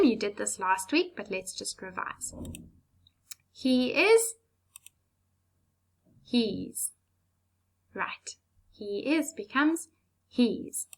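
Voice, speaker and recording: A woman teaching an English lesson to young children, slow, clear and patient with playful asides. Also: medium pitch, sharp tone. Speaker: primary school teacher.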